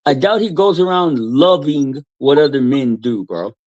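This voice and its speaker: A man's voice: fairly high pitch, expressive, measured pace, darkish tone, no echo. A man ranting at someone in a heated chat, swearing heavily and mocking him. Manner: profane, ranting, mocking with put-on voices. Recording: dry, dull lo-fi sound.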